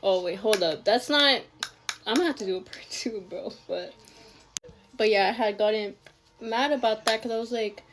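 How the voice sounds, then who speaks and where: A woman's voice: mid-range voice, moderate pace, background noise. A young woman chatting through a casual story time, trailing off now and then. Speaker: TikTok storyteller.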